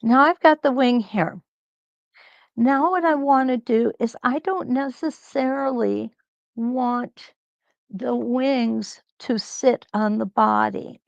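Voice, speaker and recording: A woman hosting a live quilt-along, talking slowly and reassuringly as she thinks aloud through each stitching step. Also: on the high side, gravelly, no echo, muffled recording. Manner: slow, reassuring, thinks aloud while sewing.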